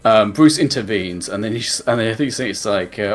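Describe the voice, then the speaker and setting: A low-pitched man talks loosely and at length, rambling through his recap with casual swearing. Soft music sits faintly under his voice. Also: lively intonation, moderate pace. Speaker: podcast host. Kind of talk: casual chat.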